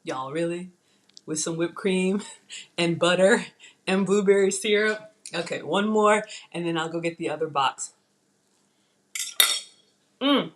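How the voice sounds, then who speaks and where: A woman chatting to viewers in a live cooking demonstration, excitable and talking straight to them. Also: lowish voice, measured pace, pauses often, a little hiss or hum. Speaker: cooking vlogger. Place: home kitchen.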